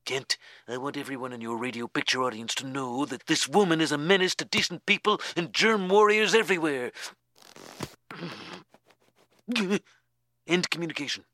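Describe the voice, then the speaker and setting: A man's voice: on the high side, normal speed, bright, forceful tone, no room sound. An actor voicing a scheming elderly male tycoon villain in a cartoon, speaking in a haughty, denouncing way. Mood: accusing. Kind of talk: cartoon voice acting.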